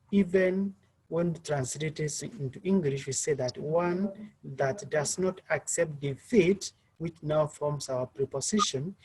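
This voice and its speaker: A man's voice: a little high, a little mellow, slightly rough, rough recording. Male teacher on a video call. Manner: calls on students by name, asks questions. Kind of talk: online class lesson.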